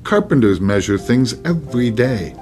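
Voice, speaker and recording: A man's voice: mid-range voice, sing-song, moderate pace, darkish tone, natural voice. A man reading aloud, voicing a young boy squire in a raised, urgent storybook voice. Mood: anxious, urgent.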